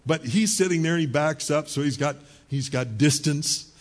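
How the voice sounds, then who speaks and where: A middle-aged male pastor preaching a sermon in a conversational storytelling manner, with quick asides to the congregation. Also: a little high.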